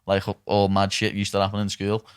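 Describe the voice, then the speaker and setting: A man's voice: fairly low pitch, completely flat delivery, brisk, clean tone, no room sound, clean studio sound. A young man, hosting a podcast and chatting casually, swearing and saying "lad" all the time. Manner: swears often, says "lad" constantly. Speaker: podcast host. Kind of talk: casual chat. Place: podcast studio.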